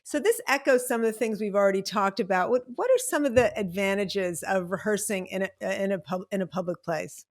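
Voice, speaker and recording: A woman's voice: mid-range voice, expressive, brisk, hardly any pauses. A woman hosting an interview, enthusiastic and emphatic, laughing easily as she chats. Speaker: podcast host. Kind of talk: casual interview chat.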